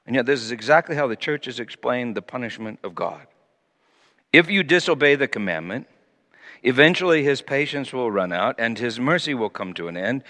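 A man preaching a sermon, animated, moving between loud emphasis and quiet asides. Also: medium pitch. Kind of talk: sermon with Bible teaching. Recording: long reverb of a large hall.

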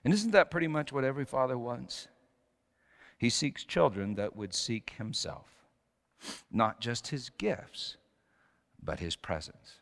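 Middle-aged male preacher, mid-pitched, storytelling sermon, long hall reverb. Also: animated, unhurried, creaky, long pauses. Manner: storytelling, swings from hushed to emphatic.

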